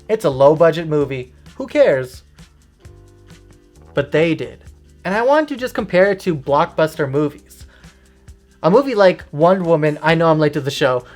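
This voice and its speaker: A woman's voice: low voice, a little mellow. A woman talking through a casual, opinionated video essay, informal and loose with fillers.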